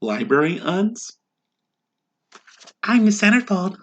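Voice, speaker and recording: A woman voicing a flirtatious adult librarian in a comedic sitcom reenactment, coy and soft-spoken. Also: medium pitch, big pitch swings, slow, very noisy. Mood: sultry.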